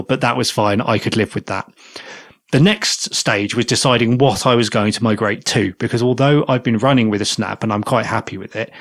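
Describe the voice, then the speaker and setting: A man's voice: medium pitch, no echo, clean studio sound. A man co-hosting a podcast, methodically walking through a technical task in casual chat. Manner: methodical, step-by-step explaining. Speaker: podcast co-host.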